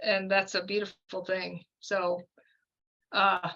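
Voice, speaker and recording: A woman's voice: medium pitch, flat delivery, slow, bright, forceful tone, lo-fi sound. A woman in her fifties telling a long personal story as a podcast guest, chatty and meandering, full of fillers and asides. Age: 50s. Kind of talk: casual storytelling.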